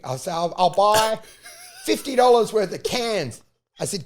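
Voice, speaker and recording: High, gravelly Australian man ranting. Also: normal speed. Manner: profane, animated, rant-like storytelling. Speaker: comedian podcast host. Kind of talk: casual comedic storytelling.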